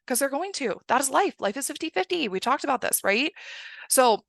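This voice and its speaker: A woman's voice: high-pitched, sing-song, brisk, creaky, fairly bright tone, dry recording. A woman giving an emphatic motivational coaching talk, often checking in with "right?". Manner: emphatic, keeps asking "right?". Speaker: success coach.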